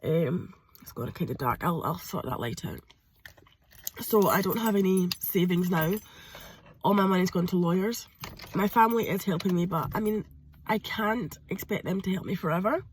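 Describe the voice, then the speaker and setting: A woman talking hesitantly to camera from a parked car, pausing often with ums. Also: lowish voice, slight background noise. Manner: hesitant, with frequent ums and pauses. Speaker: vlogger. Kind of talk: personal confessional vlog.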